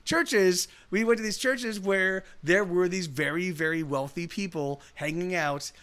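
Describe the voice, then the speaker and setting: A man's voice: high-pitched, a little slow, a bit bright, smooth. A man hosting a live music stream, chatting casually and rambling with many restarts and laughs. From Southern California. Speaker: streamer host.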